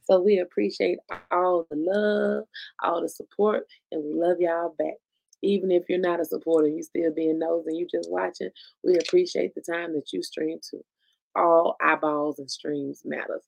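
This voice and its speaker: Gravelly-voiced woman podcast host. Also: lowish voice, steady tone, normal speed, darkish tone. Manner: loose and blunt, laughs often, swears freely. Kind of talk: casual chat.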